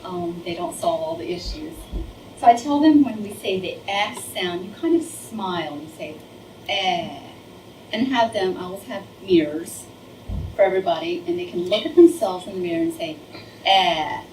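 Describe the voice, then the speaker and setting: A woman's voice: mid-range voice, lively intonation, moderate pace. A woman teacher demonstrating a classroom sound drill, prompting and praising as she goes. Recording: roomy, distant, audible noise.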